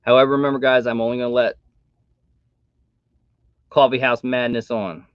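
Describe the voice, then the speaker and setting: A man hosting a casual live stream, chatting in a relaxed, rambling way. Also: medium pitch, moderate pace, clean tone, no room sound. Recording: dull dry home mic sound.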